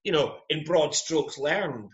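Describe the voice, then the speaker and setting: A Scottish man talks films in a casual, emphatic way, his voice on the higher side and swinging widely in pitch. The recording sounds dull and lo-fi. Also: slow. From Scotland. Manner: animated, emphatic, says "mate" often. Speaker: podcast guest recommending films. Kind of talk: casual chat.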